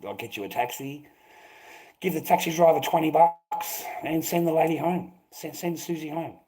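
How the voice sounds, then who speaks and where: A man's voice: on the high side, normal speed, warm tone, slight background noise, rough recording. Rambling Australian man, swearing casually. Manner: swears often, fills gaps with "rah, rah". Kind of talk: rambling anecdote.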